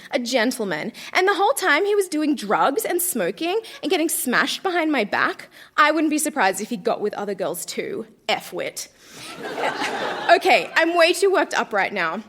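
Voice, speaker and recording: A woman's voice: on the high side, a bit bright. A woman in her thirties reading her teenage diary aloud on a live stage, melodramatic and breaking into laughter. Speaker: guest reader.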